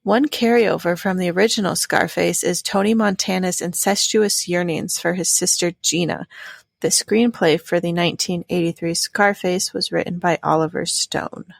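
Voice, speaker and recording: A woman co-hosting a podcast in casual chat, her voice low and gravelly. She sounds relaxed and laughs often. The sound is dry and close. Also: normal speed, dry recording. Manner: relaxed, laughs often, reads a synopsis aloud. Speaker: podcast co-host. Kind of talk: casual chat about a film.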